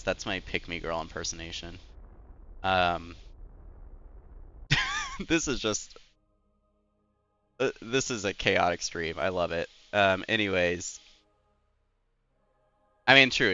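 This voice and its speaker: A man's voice: low voice, a little slow, long pauses, sharp tone, clean tone, dull audio, soft background music. A young man who is a Twitch streamer, rambling in casual chat while gaming and filling his talk with "like" and "anyways.". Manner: rambling and chatty, full of "like" and "anyways".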